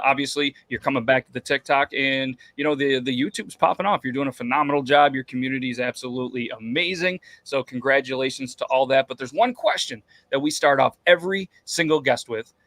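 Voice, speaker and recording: A man's voice: mid-range voice, fairly bright tone, dry recording. A man hosting a casual podcast chat, loose and joking, with lots of fillers and restarts. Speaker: podcast host.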